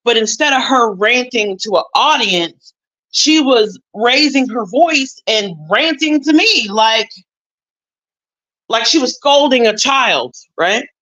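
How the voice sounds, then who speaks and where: A woman's voice: fairly high pitch, lively intonation, slow, fairly bright tone, rough recording. A woman telling her viewers a story in casual chat, talking emphatically and repeating herself for weight. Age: adult with a son. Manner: emphatic, repetitive, conversational. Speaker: YouTube commentator.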